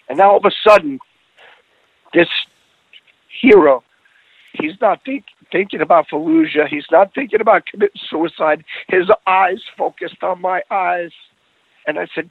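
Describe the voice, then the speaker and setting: A man's voice: on the high side, animated, normal speed, pauses often, breathy edge, no room sound, narrow, tinny audio. A middle-aged man telling a personal story in casual conversation, earnest, often restarting his phrases.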